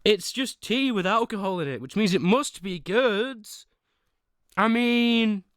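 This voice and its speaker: A man's voice: high-pitched, animated, measured pace, fairly bright tone, no echo, clean studio sound. Dramatic young man streaming. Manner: dramatic, whiny pleading with sudden outbursts. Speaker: streamer ranking teas for chat. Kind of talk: casual livestream chat.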